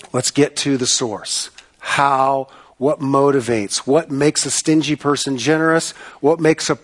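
A man preaching a sermon, earnest and emphatic, repeating phrases and asking rhetorical questions. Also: a little high. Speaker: pastor.

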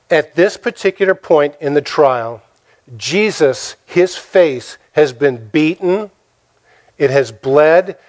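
A pastor preaching with a dramatic, storytelling delivery. He asks his listeners rhetorical questions and acts out the lines he quotes, in a man's voice that sits a little high. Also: a little mellow. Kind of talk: sermon.

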